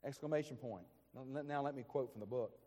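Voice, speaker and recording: A warm-toned male pastor speaks slightly quickly in a mid-range voice during morning worship. Earnest and emphatic, he leans on repetition, and his words ring out with the long reverb of the church sanctuary.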